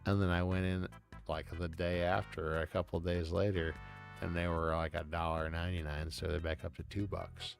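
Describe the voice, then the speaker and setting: A man's voice: deep voice, flat delivery, moderate pace, vocal fry, faint music behind. A man streaming live, chatting casually in a loose, rambling way with plenty of swearing. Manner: laid-back, swears a lot.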